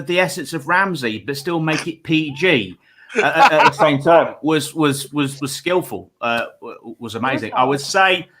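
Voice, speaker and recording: A man's voice: a little high, background noise. A man hosting a comedy panel show, chatty and stammering, self-deprecating. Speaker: host.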